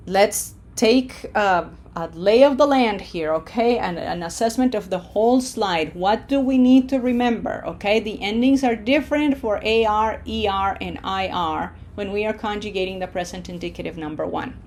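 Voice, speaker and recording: A woman teaching a slide-based Spanish lesson, modeling words slowly and clearly and checking in with "okay?". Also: mid-range voice. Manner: slow, deliberate, drawls out Spanish models loudly for repetition, checks in with "okay?".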